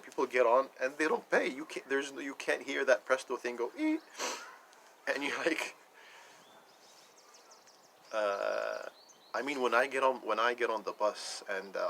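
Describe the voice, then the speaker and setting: A man's voice: mid-range voice, fairly bright tone, a little hiss or hum, poor audio. A man talking casually into the camera, rambling and repeating himself as he retells conversations. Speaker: vlogger. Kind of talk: casual personal rant.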